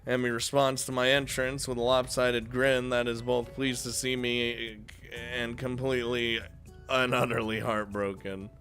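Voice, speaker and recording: A man reading a visual novel aloud with excitable, swearing commentary, often breaking off mid-sentence. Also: medium pitch, measured pace, faint music behind. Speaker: video game let's player.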